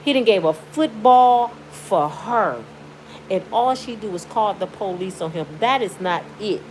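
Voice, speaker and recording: Lying in bed at home, this middle-aged YouTuber from Michigan delivers an outspoken, pleading vlog rant that lurches from indignant to tearful. She speaks in a mid-range, darkish voice, animated yet a little slow. Slight background noise and low audio quality mark the clip.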